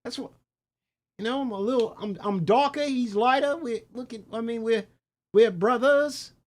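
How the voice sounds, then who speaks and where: A man's voice: extremely high pitch, normal speed. A man on a stream doing a put-on Australian accent, voicing a boastful made-up brother from down under who rambles and trips over his words. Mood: joking boastful. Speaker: stream commentator.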